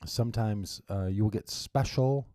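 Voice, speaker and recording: A low-voiced man hosts a radio show by himself, talking into a studio mic. His tone is mellow and relaxed, and he rambles casually with wry little asides. The sound is dry and close. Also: moderate pace, no room sound. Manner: chatty and rambling, with wry asides and frequent restarts. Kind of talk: casual solo radio monologue.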